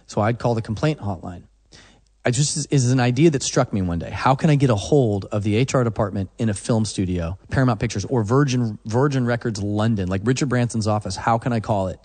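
A man's voice: mid-range voice, brisk, darkish tone, big-room sound. A man, a musician guest, telling a story in a casual interview and acting out the phone calls he once made.

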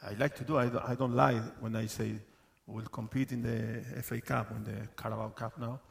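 On stage at a live event, a football club manager answers questions haltingly, with many fillers and frequent laughter. His medium-pitched voice has vocal fry and a level tone.

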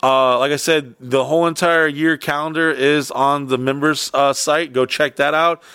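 A man's voice: a little high, fairly even intonation, normal speed, pushed and bright, a little hiss or hum. A man co-hosting a podcast, talking in a crude, rambling, laid-back way. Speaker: podcast co-host. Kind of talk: casual podcast banter.

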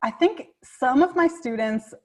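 A woman guest speech therapist talking casually over a video call, enthusiastic and quick to laugh. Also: high voice, expressive, a little mellow. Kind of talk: casual interview chat.

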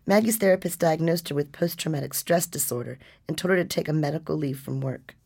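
A woman reading a nonfiction story as narrator, with a measured, restrained delivery. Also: sits low, gravelly, a little mellow, breathy edge.

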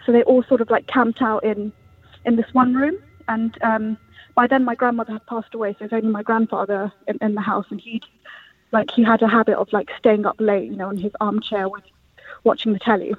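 A man's voice: sits high, level tone, a little fast, no room sound. Man, rambling storyteller, dry tinny phone-line sound. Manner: rambling, many fillers and restarts. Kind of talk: casual storytelling.

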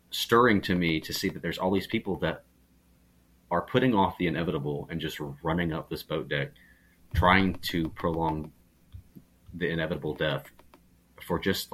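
Podcast guest: man with a very deep, husky voice, earnest and thoughtful. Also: steady tone, normal speed, pauses often, fairly bright tone. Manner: reflective, earnest, restarts often. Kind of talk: casual chat.

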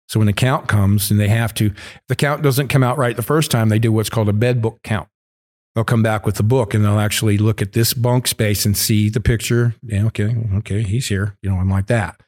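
A man's voice: fairly low pitch, steady tone, brisk, darkish tone. A man casually telling a long story, candid and full of swearing. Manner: profane, candid and rambling.

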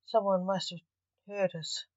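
A woman's voice: mid-range voice, level tone, a little slow, dry recording, highs cut off, close to an everyday voice. A woman voicing a bossy, glum young male sorcerer in a storybook reading.

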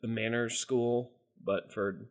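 A man's voice: medium pitch, fairly even intonation, takes it slowly. A young man co-hosting a podcast in casual chat, playful and joking. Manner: joking, playful, jumps between voices. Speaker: podcast co-host.

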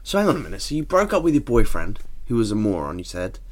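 A man's voice: fairly low pitch, huge pitch swings, quick pace. A man co-hosting a comedy advice podcast, sarcastic and swearing freely, with a sore throat. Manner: sarcastic, swearing, reads letters aloud. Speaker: podcast co-host reading letters. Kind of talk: casual comedic advice chat.

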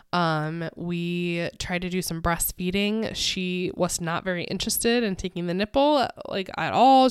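Smooth-voiced woman telling a story. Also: on the low side, no room sound, clean studio sound. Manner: casual, many fillers, laughs often. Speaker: podcast host. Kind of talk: personal storytelling.

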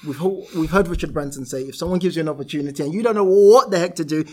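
A property entrepreneur from South-East London, England, tells anecdotes in a casual interview and laughs his way through them. His voice is a little high, and he talks fast with few pauses.

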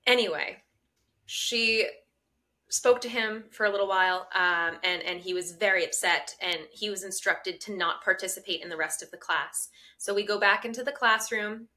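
A woman with a bright, clear voice chats casually as a podcast co-host. She tells her story with animated indignation, her pitch sitting in an ordinary middle range. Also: normal speed.

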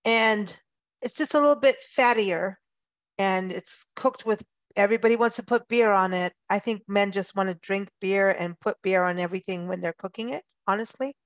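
A woman host, talking in a loose, chatty way and laughing often between thoughts. Her voice is mid-pitched, and the sound is dry and close to the mic, with no room around it. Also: moderate pace, no room sound. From South Africa. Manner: chatty, laughing, with playful asides. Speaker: radio show host. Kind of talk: casual chat.

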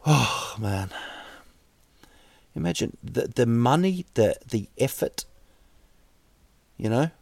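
A man with a New Zealand accent hosting a solo podcast, rambling deadpan jokes with many fillers and restarts. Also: medium pitch, slow, gravelly, long pauses, no echo. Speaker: podcast host. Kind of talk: solo comedic podcast monologue.

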